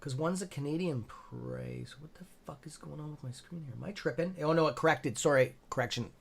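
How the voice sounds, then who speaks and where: A young man hosting a live trading stream, reading chat and reacting with excitable, profane commentary and muttered asides. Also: fairly high pitch, fairly quick, vocal fry, slightly rough. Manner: excitable, profane, talks to viewers by nickname; mutters asides to himself under his breath. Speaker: stock trading livestream host.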